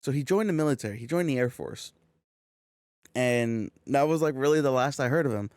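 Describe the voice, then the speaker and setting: Young man, casual podcast storytelling, swears a lot, middle pitch, dry close sound. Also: brisk, smooth, dry recording. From California. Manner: swearing, animated storytelling with quoted back-and-forth. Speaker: podcast co-host.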